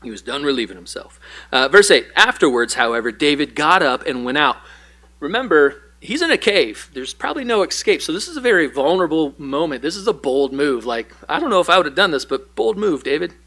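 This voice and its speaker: A male pastor gives a Bible study in a relaxed, conversational style. He often slips into paraphrased dialogue for the figures he describes. His voice sounds bright and forward. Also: fairly high pitch, a little fast.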